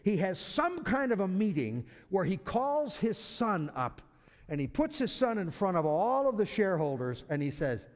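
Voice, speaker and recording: A man delivers a sermon in a relaxed, talky way, doubling back on words as he goes. His fairly high voice swoops up and down with energy. The sound carries a long hall reverb. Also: moderate pace. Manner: conversational, repeats words as he restarts. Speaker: preacher.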